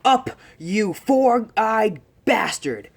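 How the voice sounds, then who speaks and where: A man voicing a hot-tempered, rude teenage boy who snaps and yells at others. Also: on the high side, very fast, pitched above the performer's own voice. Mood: angry. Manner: yelling, abrasive.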